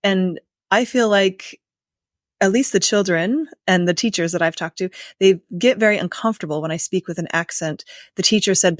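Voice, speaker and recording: American woman hosting a relaxed podcast chat. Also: mid-range voice, moderate pace, dry recording, studio quality. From United States. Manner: thoughtful, asks long musing questions. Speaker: podcast host. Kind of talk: casual interview chat.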